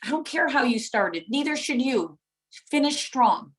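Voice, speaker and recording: A woman's voice: high voice, expressive, a little slow, low-quality recording. A middle-aged woman giving a live motivational talk to viewers, passionate and preacher-like, driving points home with emphatic repetition. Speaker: motivational speaker and coach.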